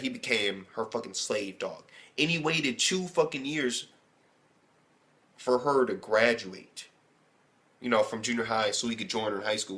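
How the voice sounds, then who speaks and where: A man giving a casual, rambling recap of an anime episode as a reviewer, excitable and swearing heavily. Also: medium pitch. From United States.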